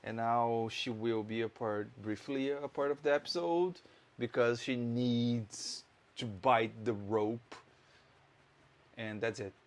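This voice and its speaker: Easygoing man co-host, mid-pitched, talks slowly and briefly. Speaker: podcast co-host. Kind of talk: casual chat.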